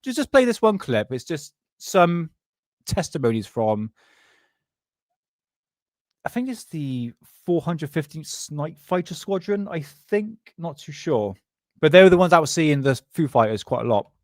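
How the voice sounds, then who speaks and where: A man's voice: on the high side, sing-song, a little slow, no echo, clean studio sound. A man hosting a live stream, chatting in a rambling, loose way with frequent swearing and laughter while stoned. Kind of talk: casual live-stream chat.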